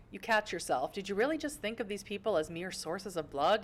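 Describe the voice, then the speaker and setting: A woman's voice: medium pitch, expressive, brisk, hardly any pauses. An American woman streaming a game from home, reading the story aloud and breaking off for playful, self-mocking asides. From United States. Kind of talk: reading a visual novel aloud with chatty asides.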